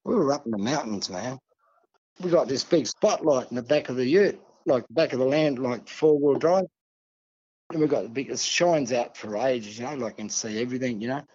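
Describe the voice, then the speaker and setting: A man's voice: medium pitch, a little fast, darkish tone, slightly rough, dull audio. An older man with an Australian accent, telling stories in a rambling, folksy way as a podcast guest. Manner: rambling, folksy, peppers talk with "see" and "mate". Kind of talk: casual storytelling.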